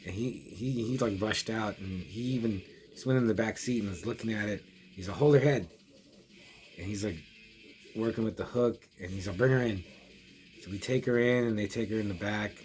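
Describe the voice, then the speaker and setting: A man's voice: fairly low pitch, a little fast, a little hiss or hum. A middle-aged man casually telling a long story for his horror review vlog, rambling with many restarts and quoted asides. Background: music.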